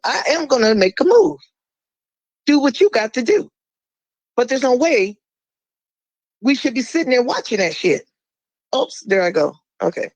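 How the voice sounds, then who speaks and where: A woman's voice: no echo, low-quality recording. Fiery, blunt woman on a podcast. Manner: blunt, fiery, swears freely; emphatic, with sudden drops to a low, slow voice. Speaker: guest. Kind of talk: impassioned podcast conversation.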